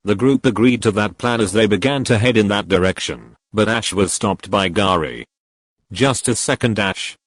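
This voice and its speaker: A man narrating a fan fiction story in an even storytelling read. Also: fairly low pitch, moderate pace, few pauses, no echo.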